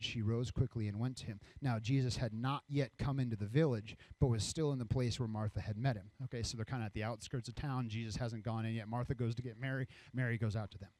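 A man's voice: on the low side, a little mellow. A man preaching a sermon as pastor, reading scripture and acting out the voices of people in the story.

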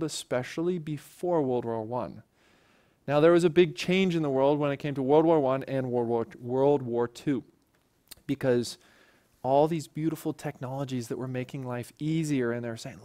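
Higher-voiced man teaching a Bible lesson. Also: darkish tone. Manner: conversational, often checks in with "right?". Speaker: church teacher.

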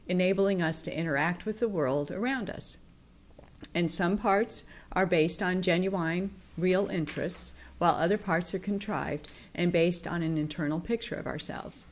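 A woman giving a calm explanatory talk as a teacher. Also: on the low side.

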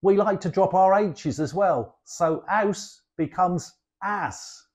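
A man's voice: high voice, slow pace, darkish tone. A man from London with a Cockney accent, a guest chatting in a friendly way and calling the host "love". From London, England. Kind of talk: explaining in a friendly chat.

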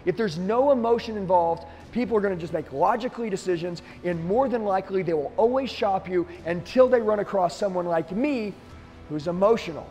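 A man's voice: sits high, fairly quick, darkish tone, long reverb tail, soft background music. A middle-aged man, a sales trainer, giving an intense, emphatic motivational talk to the camera.

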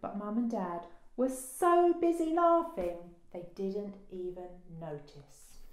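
A woman librarian reading a children's picture book aloud with slow, expressive storytelling. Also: fairly low pitch. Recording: roomy echo.

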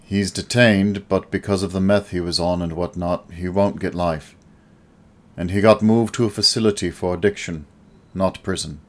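A man doing a soft-spoken, weary uncle. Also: low-pitched, steady tone, natural voice. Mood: somber. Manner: soft, consoling, measured. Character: gentle, weary middle-aged uncle, former teacher.

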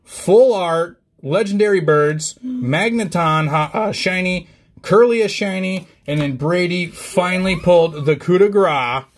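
A man hosting a trading card opening vlog, chatty and excited, rattling off card names. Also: sits high, a little slow. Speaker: card-opening channel host.

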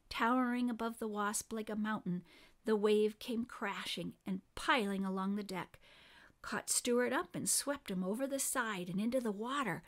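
With a mid-range voice, a woman reads a children's book aloud, telling the story in an expressive, lively way.

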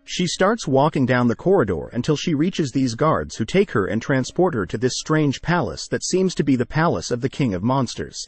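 A man narrating an anime plot recap in a steady, scripted storytelling manner. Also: medium pitch, normal speed, few pauses, breathy edge, no room sound. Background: faint music.

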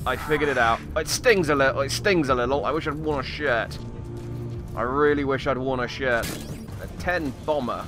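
A man giving joking gameplay commentary in a hammy, put-on Australian accent, with wry, self-mocking deadpan asides. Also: mid-range voice, moderate pace. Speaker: let's play commentator. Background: video game music.

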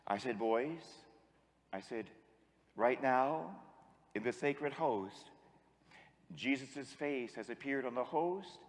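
Priest, male, preaching to a congregation; mid-pitched voice, long church reverb. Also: lively intonation, slow pace, long pauses. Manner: storytelling preacher leading the congregation in call-and-response. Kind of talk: sermon.

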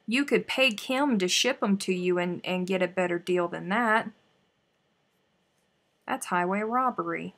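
A woman's voice: mid-range voice, measured pace, pauses often, fairly bright tone. A woman hosting a live crochet stream, chatting casually and muttering to herself as she works. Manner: chatty, exclaiming, mutters to herself while working.

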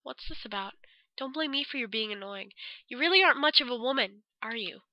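A woman voicing a creepy young man who speaks quietly and smugly, putting people down. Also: on the high side, animated, a little fast, no echo. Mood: quiet, condescending. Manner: quiet, smug and cutting.

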